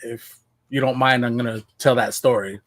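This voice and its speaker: A man from Washington State telling his life story as a podcast guest, casual and animated, acting out what he said back then. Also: medium pitch, normal speed. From Washington State, USA. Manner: animated, acts out his own past voice.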